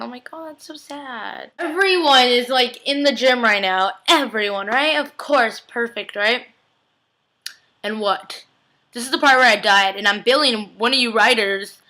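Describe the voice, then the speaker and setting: A woman's voice: fairly high pitch, bright, forceful tone, low-quality recording. A young woman giving a casual, chatty TV episode recap, gushing and peppering her talk with "like". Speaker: TV recap vlogger.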